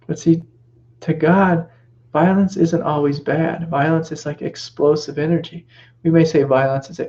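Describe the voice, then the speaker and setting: A middle-aged man giving a spiritual teaching talk in a gentle, reflective way, sometimes dropping into soft reassuring whispers. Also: on the high side, steady tone, a little fast, highs cut off.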